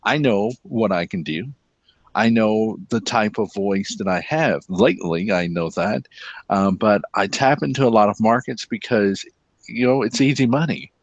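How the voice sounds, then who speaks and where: A man with a low voice talks in an easygoing, chatty way, now and then sliding into a smooth announcer delivery. The sound is close and dry, with no room around it. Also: normal speed, no room sound, muffled recording. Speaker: guest. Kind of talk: casual chat.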